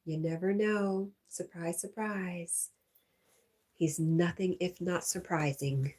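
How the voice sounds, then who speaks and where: Low-voiced woman chatting on a livestream. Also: measured pace, warm tone. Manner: giggly, reads out chat messages. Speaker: livestream host. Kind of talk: casual livestream chat reading viewer comments.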